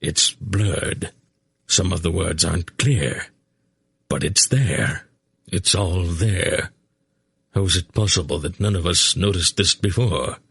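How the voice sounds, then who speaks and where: Man reading aged male sorcerer, gruff, proud, low voice, dry sound. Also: slow pace, fairly bright tone, dry recording, heavily acted. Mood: astonished. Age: older.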